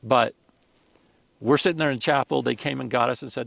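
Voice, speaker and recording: Male guest, gravelly voice, heartfelt storytelling with restarts. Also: mid-range voice, brisk, a bit bright, slight background noise. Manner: earnest, emotional, with frequent restarts. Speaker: podcast guest. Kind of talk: personal storytelling.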